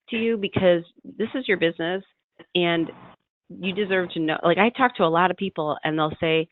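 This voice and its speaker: A man's voice: on the high side, no room sound. A man working as a marketing consultant, explaining web analytics on a business call, with many fillers and restarts. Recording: tinny phone-line audio.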